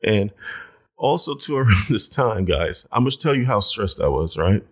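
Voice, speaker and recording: Low-voiced man telling a lively story. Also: moderate pace. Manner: animated, jumps high in pitch when acting out his own reactions. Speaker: vlogger telling a personal story to viewers. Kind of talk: casual storytelling to camera.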